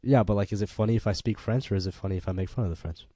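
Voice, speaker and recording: A young man co-hosting a casual sports podcast, playful, given to swearing and bursts of excitement. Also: lowish voice, racing. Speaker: podcast co-host. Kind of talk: casual chat.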